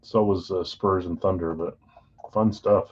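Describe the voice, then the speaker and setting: Low-voiced man hosting a live card break. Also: unhurried, slightly rough, dull audio. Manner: relaxed, chatty, talks straight to viewers by name. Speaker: host of a live sports card break stream. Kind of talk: casual live-stream chat, reading out team assignments.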